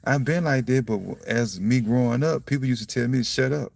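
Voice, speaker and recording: A young man musing on faith in a casual, blunt, profane monologue, breaking into loud laughs and saying "you see what I'm saying" again and again. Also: mid-range voice, brisk, vocal fry, no echo. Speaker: self-styled preacher vlogger. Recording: dry, from a distance to the mic.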